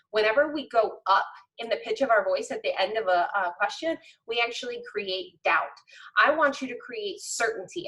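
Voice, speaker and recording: A middle-aged woman coaches a room of trainees in a chatty, no-nonsense teaching voice. She leans on key points with emphasis and keeps tossing in quick check-ins to keep listeners with her. Her pitch sits at an ordinary middle height for a woman. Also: fairly bright tone, poor audio. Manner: conversational, checks in with "okay?" and "right?"; emphatic, direct instruction to trainees. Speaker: real estate coach. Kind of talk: coaching lesson.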